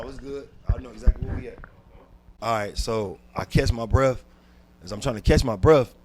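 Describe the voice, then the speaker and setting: A comedian guesting on a podcast recounts a personal story with intensity, shifting from hushed to loud. He has a mid-range voice and often repeats words and restarts as he tells it.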